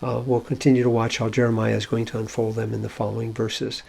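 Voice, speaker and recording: Male Bible-language teacher with a gravelly edge, talking through a verse in an unhurried, explanatory way. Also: lowish voice, level tone, dark tone. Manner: explanatory, thinking aloud with fillers. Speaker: Hebrew teacher.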